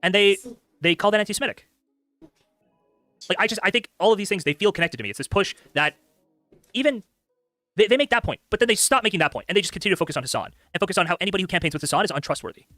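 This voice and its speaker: A man rattles off rapid, lively streamer commentary in a bright, pushing tone, his pitch jumping around constantly. He sounds worn out after hours live, but the words still tumble out. The sound is dry and close, with faint music underneath. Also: no room sound. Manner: rapid, animated, frequent filler words. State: tired from a long stream. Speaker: streamer reacting to clips.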